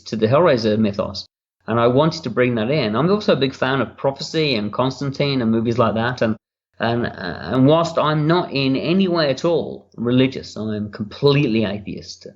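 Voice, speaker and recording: A man's voice: medium pitch, dull audio. A man talking candidly and at length as a director's commentary, rambling and cursing casually, recorded at home. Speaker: writer-director giving commentary. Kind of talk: relaxed audio commentary. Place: home room.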